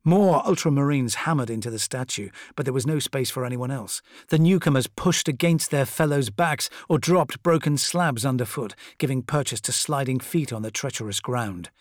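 A man reading a dramatic war story aloud as the narrator, in a measured style. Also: mid-range voice, no echo, clean studio sound. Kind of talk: scripted audiobook narration.

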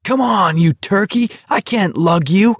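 A desperate young man shouting at a friend who is about to fall, as a male narrator acts him out. His voice is raised and pushed higher, urgent and pleading. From an audiobook reading. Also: measured pace, slightly rough, no room sound, studio quality.

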